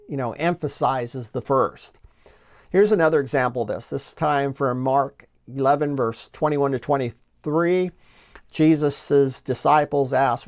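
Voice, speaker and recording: A man hosting a Bible study video, explaining passages in a methodical way, reading quotes aloud and repeating his key points. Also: on the high side. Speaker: Bible teacher and channel host. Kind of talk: scripted Bible study lecture.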